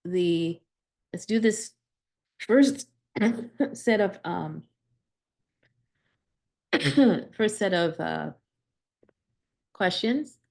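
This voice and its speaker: A woman's voice: on the low side, animated, drawn-out words, gravelly, long pauses, a little mellow. A woman teaching a Greek grammar class, explaining step by step with frequent "right?" checks and restarts. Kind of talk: live class lesson.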